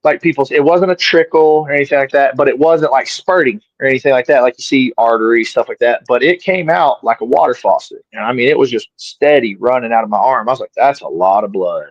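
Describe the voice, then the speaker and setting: A man's voice: medium pitch, quick pace, few pauses, no room sound. A middle-aged man, an interview guest, casually telling a story and animatedly acting out his own lines. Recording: dry, slightly dull sound.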